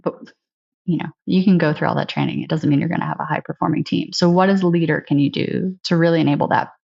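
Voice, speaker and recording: A woman with a low, gravelly voice talks through stories in a casual, reflective way, often tossing in "like" and "right?". The recording is a little dull and lo-fi. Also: fairly even intonation, fast, darkish tone. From United States. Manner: earnest, reflective storytelling with frequent "right?" and "like". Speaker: guest, sales leader. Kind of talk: casual interview talk. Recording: slightly dull, lo-fi sound.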